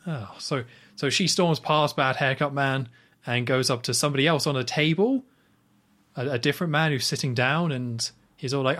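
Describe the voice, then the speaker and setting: A man chatting casually as a podcast host, walking through a film scene by scene. He rambles, restarts his sentences and leans on "like". His voice sits at a middle pitch for a man. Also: moderate pace, a bit bright. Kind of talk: casual film recap chat.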